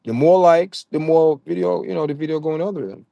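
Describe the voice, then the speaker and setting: A man's voice: on the high side, quick pace, creaky, dark tone, no echo, muffled recording. A man with a Jamaican accent hosting a casual livestream, talking straight to his chat viewers and often stammering and repeating words. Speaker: livestream host.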